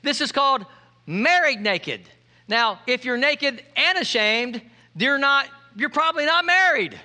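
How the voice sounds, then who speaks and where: A male pastor delivers a lively sermon, his voice high and ringing bright. He jokes freely with his congregation and keeps calling out for them to answer him. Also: unhurried. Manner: playful, joking preacher who calls for audience responses.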